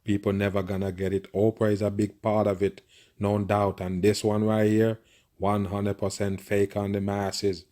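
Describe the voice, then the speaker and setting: A man's voice: fairly low pitch, flat delivery, moderate pace, dark tone. A man giving profane, conspiratorial reaction commentary on a video, with constant murmured agreement.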